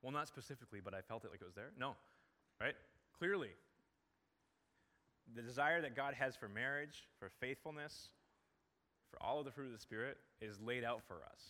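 Earnest pastor preaching in a reverberant hall. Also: male voice, medium pitch, animated, normal speed, pauses often, sharp tone. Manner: earnest, conversational preaching with rising emphasis. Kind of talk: sermon.

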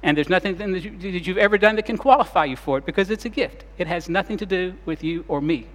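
A man preaching a sermon as pastor, retelling scenes dramatically and shifting between loud and soft delivery. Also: high-pitched, quick pace, long reverb tail.

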